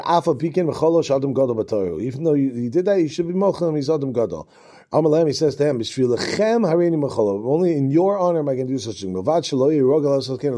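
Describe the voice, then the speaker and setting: A man's voice: mid-range voice, warm tone. A man teaching a Talmud class, reading each passage aloud and then explaining it in casual English, with asides and restarts.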